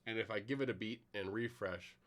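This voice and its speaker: A man's voice: on the low side, brisk, fairly bright tone. A middle-aged man giving a conversational technical conference talk with a live demo, explaining plainly with some fillers. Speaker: conference presenter.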